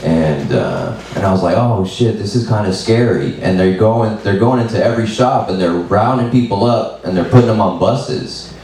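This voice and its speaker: A man doing open mic stand-up, laid-back and deadpan with lots of swearing. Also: fairly low pitch, normal speed, recorded from a distance. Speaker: stand-up comedian. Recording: very echoey room, mic from afar, faint noise.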